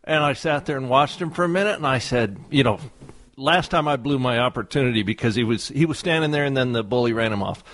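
A man co-hosting a radio show in casual chat, telling a story in a profane, animated way and laughing often. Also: medium pitch, quick pace. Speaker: radio co-host.

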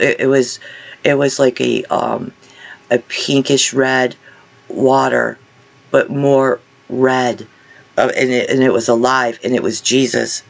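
Earnest man with a gravelly voice. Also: medium pitch. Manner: halting, repeats and restarts words, earnest. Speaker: vlogger sharing a religious vision. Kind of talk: casual spoken testimony.

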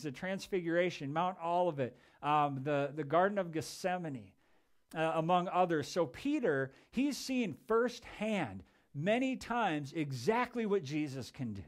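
A male pastor preaches from a church sanctuary in a relaxed, conversational way. His voice sits a little high, and he often restarts and repeats words as he tells a story. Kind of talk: sermon.

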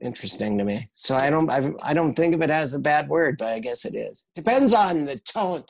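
A man guesting on a comedy podcast in casual chat, dry and hesitant, slipping in deadpan jokes. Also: fairly high pitch, a little fast, creaky, slight background noise.

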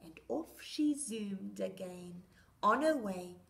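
A woman reading a picture book aloud to young children on a children's show, expressive and sing-song. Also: medium pitch, takes it slowly, gravelly.

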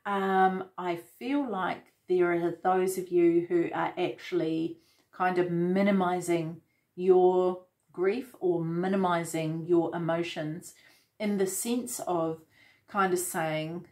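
A woman giving a casual tarot reading, gentle and reflective, with many fillers and restarts. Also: fairly low pitch, fairly even intonation, slow. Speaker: tarot reader.

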